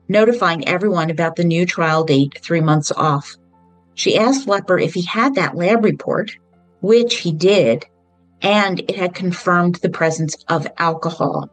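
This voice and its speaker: A woman hosting a podcast, retelling a true-crime book in a measured storytelling way with brief personal asides. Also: on the low side, dry recording, rough recording. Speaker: podcast host.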